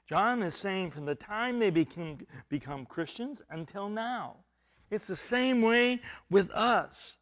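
A man preaching a verse-by-verse sermon, explaining grammar and repeating phrases for emphasis, swinging between loud stressed words and quiet, low asides. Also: expressive, a little slow. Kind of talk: expository sermon.

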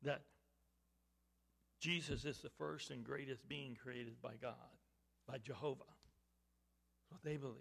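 A man preaching a sermon to his congregation, emphatic, with halting restarts that build to louder, higher points. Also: fairly even intonation, vocal fry. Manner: emphatic, rising in pitch and volume on key points; halting restarts and repeated words.

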